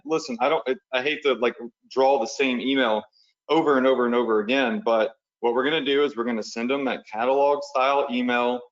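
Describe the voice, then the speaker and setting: Male online coach, casual webinar walkthrough, ordinary pitch, somewhat muffled lo-fi sound. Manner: casual, talks the viewers through steps while drawing on screen; conversational, uses "y'all" and "right?". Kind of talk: live webinar teaching. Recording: slightly dull lo-fi webinar audio.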